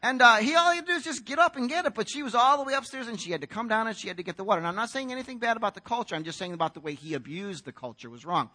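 A man's voice: very high-pitched, expressive, rapid-fire, few pauses, sharp tone. An American man preaching a sermon in a conversational storytelling way, acting out the voices in the story. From United States. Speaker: pastor.

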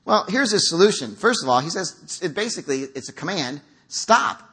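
A man's voice: a little high, animated, brisk, bright, forceful tone, breathy edge. A middle-aged man preaching a conversational sermon in a church, acting out quotes as he goes. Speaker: pastor. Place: church sanctuary.

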